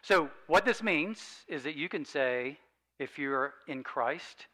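A man preaching a sermon, earnest and emphatic, slowing down to read scripture and dropping soft on key points. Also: fairly high pitch, animated, poor audio.

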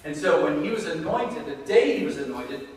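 A man's voice: a little high, lively intonation, moderate pace, far from the mic. A man preaching a sermon, speaking earnestly and conversationally and repeating his key phrases. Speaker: pastor. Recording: echoey hall, voice picked up from afar.

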